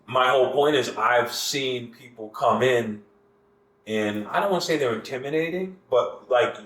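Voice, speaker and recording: A man's voice: medium pitch, normal speed, fairly bright tone. A man talking as a guest in a casual podcast conversation, earnest and circling back with many restarts. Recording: echoey room.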